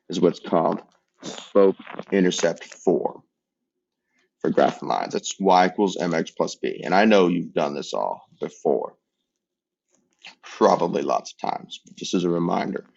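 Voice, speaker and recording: A man giving a casual math lesson, explaining steps with relaxed joking asides. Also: low voice, vocal fry, muffled recording. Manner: relaxed, joking asides while working problems. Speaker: math teacher.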